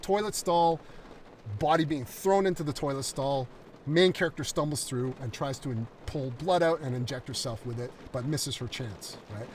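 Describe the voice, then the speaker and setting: A man's voice: mid-range voice, normal speed, recorded from a distance, a little hiss or hum. A concept artist talking through his draft script on a livestream, enthusiastic and rambling with fillers.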